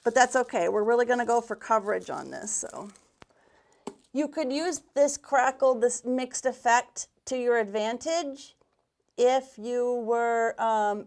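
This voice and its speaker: A chatty woman with a fairly high voice and a gravelly edge leads a live craft demonstration as a paint retailer. She rambles, restarts her sentences and mutters asides while a little out of breath. She speaks into a livestream camera in an indoor workshop. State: a bit out of breath.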